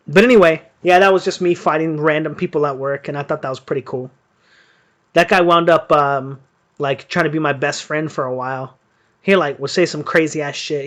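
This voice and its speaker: A man's voice: fairly high pitch, normal speed, fairly bright tone. Rambling, profane man telling a fight story. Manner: rambling, profane, lots of fillers. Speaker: boxing stream host. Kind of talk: casual storytelling during live fight commentary.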